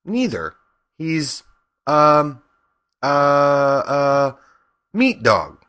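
A man voicing a brave, indignant young girl in an audiobook, speaking high and emphatically. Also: very animated, normal speed, pushed and bright, husky, heavily acted. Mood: explaining. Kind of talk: audiobook character voice.

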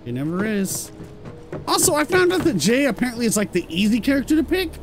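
A British man giving excitable let's-play commentary and swearing when surprised. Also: extremely high pitch, fast, music in the background. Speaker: gameplay commentator.

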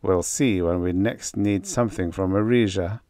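A man voicing a slow, deliberate male Martian engineer in an audiobook, with clipped, measured replies. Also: deep voice, a little mellow, no room sound, clean studio sound, close to an everyday voice.

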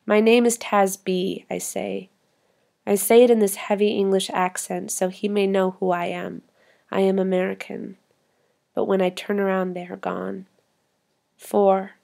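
Slow, creaky-voiced woman reading poetry. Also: medium pitch, warm tone. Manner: measured, deliberate delivery with long pauses. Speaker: poetry reader. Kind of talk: spoken word poetry reading.

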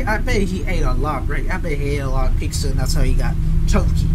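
A man's voice: a little high, lively intonation, fairly quick, over music, low-quality recording. A man giving let's play commentary, jittery, repeating phrases and calling his viewers bro. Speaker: gamer.

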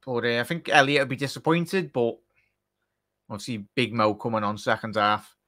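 Excitable man hosting a football watchalong. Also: medium pitch, normal speed. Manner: excitable, chatty, addresses chat directly. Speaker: watchalong host. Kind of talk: live football watchalong commentary.

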